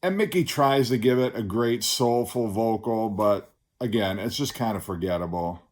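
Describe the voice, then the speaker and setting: A man's voice: fairly low pitch, moderate pace. Blunt, sarcastic man reviewing records. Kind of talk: casual album review.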